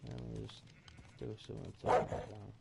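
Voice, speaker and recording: Gravelly gamer muttering. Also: male voice, lowish voice, little pitch movement, brisk, heavy background noise. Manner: mutters and counts aloud while building, with mild swearing. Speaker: gaming streamer. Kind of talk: casual live gameplay chat.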